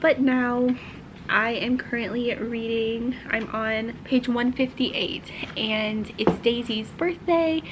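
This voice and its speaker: A woman's voice: on the high side, takes it slowly, highs cut off, heavy background noise. A young woman vlogger chatting casually and gushingly about a book she is reading, sometimes dropping into half-whispered asides. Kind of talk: casual reading-vlog chat.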